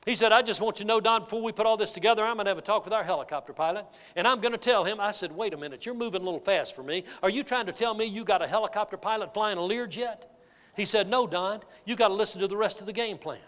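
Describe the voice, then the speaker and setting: A man giving a keynote sales speech, telling a folksy, animated story to a live audience. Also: high-pitched, fast talker. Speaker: motivational sales speaker. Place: large hall with an audience. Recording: reverberant hall.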